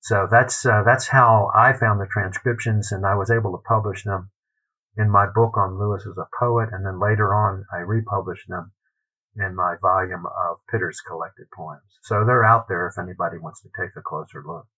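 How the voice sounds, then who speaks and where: Bright, husky scholar storytelling. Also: male voice, low-pitched, moderate pace, poor audio. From United States. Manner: animated, anecdotal, acts out quotes. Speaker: literary scholar guest. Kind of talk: storytelling in a podcast interview.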